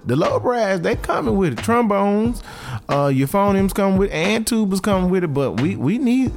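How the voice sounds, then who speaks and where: A man's voice: high-pitched, brisk, soft background music. A man hosting a casual reaction show, talking slangy and straight to his listeners about a band battle. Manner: animated, slangy, talks straight to his audience.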